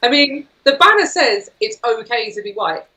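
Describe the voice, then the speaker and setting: A woman speaking as a guest on a political talk show, forceful and indignant. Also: on the high side, lively intonation, normal speed, poor audio.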